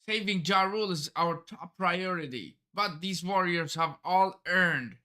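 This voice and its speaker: A man's voice: high-pitched, unhurried, sharp tone. A man reading out a proud male giant warrior who respects his foes, in a slightly raised voice. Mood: earnest.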